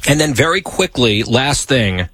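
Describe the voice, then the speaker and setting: A man's voice: medium pitch, big pitch swings, measured pace, a bit bright, husky, no room sound. A man hosting a show, teasing his producer with wry humor in casual chat. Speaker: show host.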